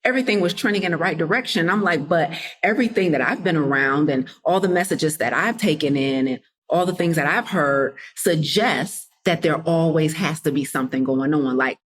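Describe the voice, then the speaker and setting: A woman with a deep voice hosts a casual motivational podcast, speaking fairly quickly with hardly any pauses. A coach by trade, she talks straight to listeners, calls them y'all, and slips into voices to act out what people said.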